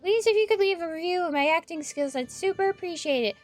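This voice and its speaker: Super high gushy recap voice from a girl streamer, faint music behind. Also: lively intonation, fast. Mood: gushing.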